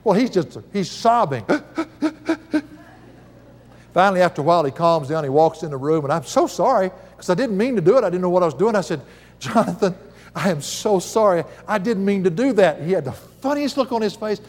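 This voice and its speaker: A man's voice: sits high, big pitch swings, moderate pace, darkish tone, big-room sound. An older man, preaching a Bible lesson in a folksy, chuckling storytelling manner. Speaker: Bible teacher. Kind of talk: sermon with personal stories.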